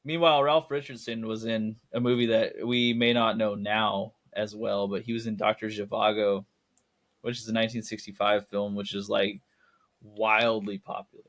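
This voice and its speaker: A man's voice: fairly low pitch, little pitch movement, moderate pace, a bit bright. A young man co-hosting a casual film podcast, rambling and correcting himself, laughing at his own jokes. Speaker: podcast co-host.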